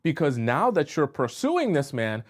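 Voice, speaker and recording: A man's voice: fairly high pitch, huge pitch swings, measured pace. A man coaching on dating in a livestream, spinning a long illustrative story and checking in with "okay?" and "right?". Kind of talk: livestream advice talk.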